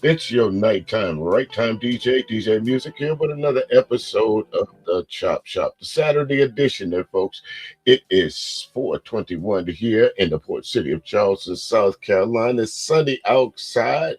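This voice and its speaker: A man hosting a casual live stream chat show, talking in a laid-back, drawn-out way and chuckling often. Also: fairly low pitch, expressive, slightly rough, no room sound.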